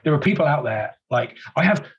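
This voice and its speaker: A man's voice: on the high side, animated, a little fast, highs cut off. A man, an actor guesting on a podcast, talking in an earnest, emotional way that halts and repeats itself. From England. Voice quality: very husky. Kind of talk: casual interview talk.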